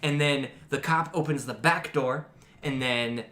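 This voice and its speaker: A young man chats with his friends on a podcast and spins a long, animated story. He swears freely and acts out the lines of the people in it. His mid-pitched voice echoes around a roomy space. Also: measured pace. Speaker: podcast host. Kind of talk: casual storytelling among friends. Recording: roomy echo.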